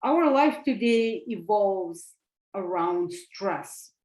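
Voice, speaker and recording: A woman's voice: mid-range voice, expressive, a little mellow, roomy sound. A woman with a Russian accent giving an earnest online presentation as a physician, repeating her words for emphasis. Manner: slow, earnest, with emphatic repetitions.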